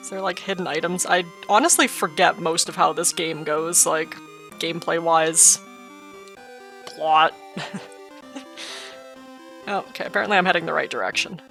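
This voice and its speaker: A woman's voice: low-pitched, steady tone, normal speed, gravelly, pauses often, a bit bright, faint music behind. A woman casually commenting as she plays a video game, joking and chatting in a playful way. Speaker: let's play host.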